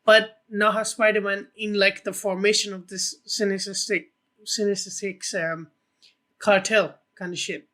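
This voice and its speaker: A man co-hosting a casual film podcast, excitable and rambling, swearing often. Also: high-pitched, measured pace. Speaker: podcast co-host.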